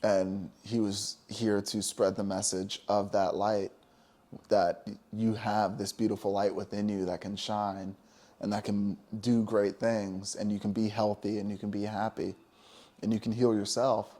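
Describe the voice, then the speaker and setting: A man's voice: fairly low pitch, flat delivery, measured pace, warm tone. A man co-hosting a casual spiritual talk show, talking emphatically and preaching, with many "you know?" asides. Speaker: podcast co-host.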